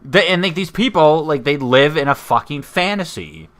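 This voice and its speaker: A man's voice: a little high, expressive, moderate pace, a bit bright. A man, co-hosting a podcast in casual, rambling, profane chat that often trails off into mumbles. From Canada. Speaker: podcast co-host.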